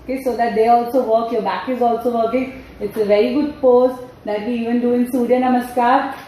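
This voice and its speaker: A woman's voice: fairly high pitch, fairly even intonation, fairly quick, dark tone, slight background noise. A woman leading a playful sing-along yoga class for parents and babies. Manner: playful, sing-song, coaxing. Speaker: mother-and-baby yoga trainer. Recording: echoey room, far from the mic.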